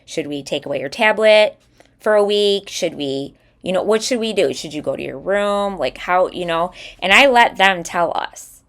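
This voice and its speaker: A podcast co-host in her thirties tells animated stories about her kids during casual chat, acting out her son's lines. Her voice sits on the low side, and she speaks at a moderate pace.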